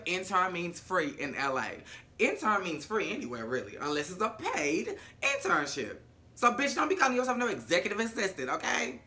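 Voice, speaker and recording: A vlogger recapping a TV episode in a sassy, animated, profane storytelling manner. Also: mid-range voice.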